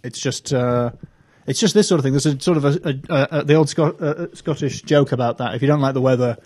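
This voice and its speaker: A man's voice: mid-range voice, quick pace, darkish tone. A young man who is a comedian guest, chatting casually in a rambling, self-deprecating way with many restarts. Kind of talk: casual live chat.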